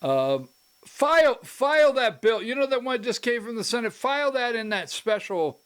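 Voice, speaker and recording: A man's voice: very high voice, big pitch swings, normal speed, fairly bright tone, smooth, pitched above the performer's own voice, full character voice. A man doing a mocking impression of a dismissive male state politician, playing him as bumbling and scornful. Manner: feigned bumbling, scornful of the other chamber.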